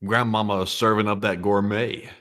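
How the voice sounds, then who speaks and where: Male co-host, low voice, dry laid-back delivery, reads chat messages in a casual stream. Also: little pitch movement, normal speed, a bit bright.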